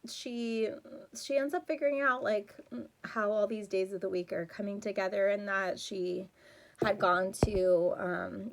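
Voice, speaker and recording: Chatty rambling woman reviewing a movie. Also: medium pitch. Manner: gets heated and exasperated when retelling scenes. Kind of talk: casual chat.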